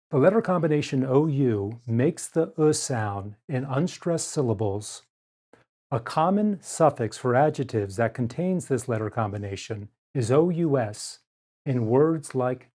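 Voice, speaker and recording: Man, pronunciation teacher, scripted lesson narration, very slow, carefully articulated. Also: mid-range voice, lively intonation, darkish tone.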